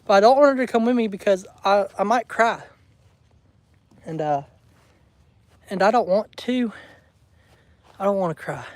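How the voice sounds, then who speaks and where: A rambling, chatty man with a fairly high voice, laughing easily as he talks to viewers in a home livestream. The sound is close and dry, with almost no room in it. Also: normal speed, pauses often, dry recording. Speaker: homestead vlogger. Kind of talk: casual livestream chat. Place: indoors at home.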